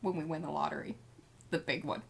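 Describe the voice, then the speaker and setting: A woman's voice: deep voice, fairly even intonation, brisk, creaky, husky. A woman co-hosting a craft livestream, chatting casually, greeting viewers and reading out their comments. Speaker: livestream co-host reading the chat.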